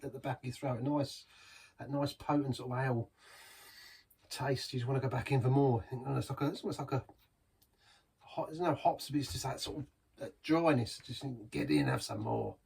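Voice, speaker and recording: A man's voice: mid-range voice, steady tone, brisk, pauses often, darkish tone, husky, distant mic. A man reviewing a beer in a chatty, rambling way, savouring each sip. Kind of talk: casual beer review vlog.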